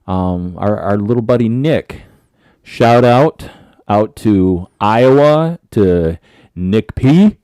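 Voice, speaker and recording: Tired dude with a scratchy voice, low and mellow, rambling podcast chat, dry sound. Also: male voice, expressive, slow, no echo. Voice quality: rambling, restarts sentences. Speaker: podcast co-host. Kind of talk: casual chat.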